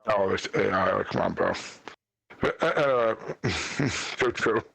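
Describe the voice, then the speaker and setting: A man's voice: on the low side, slow pace, vocal fry, a bit bright, breathy edge, no room sound, poor audio. A man chatting on a casual podcast, stammering and rambling in an exasperated way. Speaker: podcast guest.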